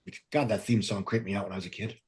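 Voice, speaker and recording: A man's voice: on the low side, steady tone, very fast, a little mellow, slightly rough. A man co-hosting a casual podcast, wry and opinionated. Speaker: podcast co-host.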